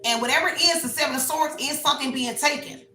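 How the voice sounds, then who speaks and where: Woman, tarot reading, high voice, blunt and chatty, echoey room, faint music. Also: quick pace, pushed and bright, slight background noise. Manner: chatty, blunt, rambling storytelling. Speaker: tarot reader. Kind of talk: casual tarot reading monologue.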